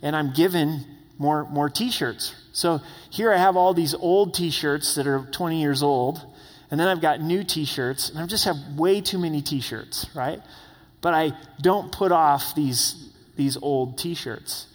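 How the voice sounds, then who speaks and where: A man's voice: a little high, slow pace, big-room sound. A man preaching a sermon as pastor, conversational, with tag questions and voiced quotes. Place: church sanctuary.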